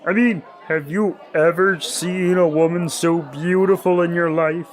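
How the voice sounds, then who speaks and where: A man voicing a lovestruck, goofy young henchman who gushes excitedly. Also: on the high side, unhurried, faint music behind, natural voice. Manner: excitable, gushing.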